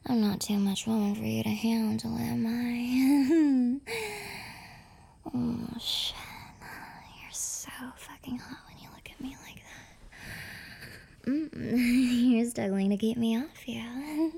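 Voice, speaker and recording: A young woman voicing a clingy, possessive, obsessive girlfriend in a whispered role-play, with breathy whispers broken by giggles. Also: on the high side, fairly even intonation, slow pace, long pauses, warm tone, heavily acted. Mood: possessive teasing.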